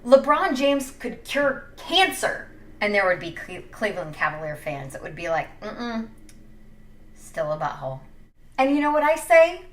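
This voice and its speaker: Lively, sassy sports-talk woman. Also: a little high, normal speed, recorded from a distance. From Wyoming. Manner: sassy, animated, jokey. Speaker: sports commentator. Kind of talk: casual opinion vlog. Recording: echoey room, a little off-mic.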